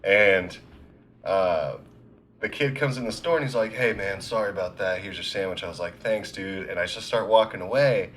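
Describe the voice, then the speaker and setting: A man's voice: deep voice, moderate pace, a little hiss or hum. A young man co-hosting a podcast, telling a story in casual chat with lots of swearing and acted-out voices. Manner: animated, swears a lot, acts out voices in anecdotes. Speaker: podcast co-host.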